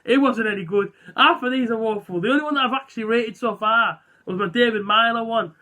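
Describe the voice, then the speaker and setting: A man's voice: extremely high pitch, a little fast, bright, forceful tone. A young man vlogging in a chatty, self-deprecating way, full of fillers and asides. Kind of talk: casual vlog chat.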